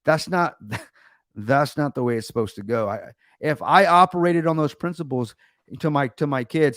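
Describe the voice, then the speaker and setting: A man's voice: on the high side, moderate pace, a bit bright, no room sound, clean studio sound. An American man hosting a livestream, ranting sarcastically in casual chat with lots of restarts. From United States. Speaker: livestream host.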